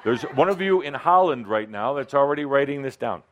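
A man coaching a live workshop audience, his voice swooping up and down with animated pitch. He speaks into a microphone and teases and coaxes the people in the room in a playful way. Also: fairly quick, background noise. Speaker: workshop leader. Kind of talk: live seminar talk to an audience. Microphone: handheld or clip-on microphone.

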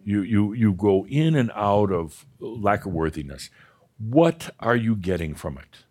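A man's voice: on the low side, expressive, unhurried, a little mellow. A man leading a live spiritual workshop with an audience, coaching a participant in a blunt, profane and often laughing way. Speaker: spiritual teacher leading a session.

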